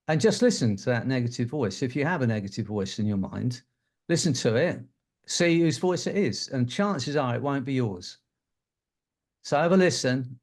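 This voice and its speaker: Older man, co-host, candid rambling storytelling, middle-pitched voice. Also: darkish tone. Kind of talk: personal anecdote to a live audience.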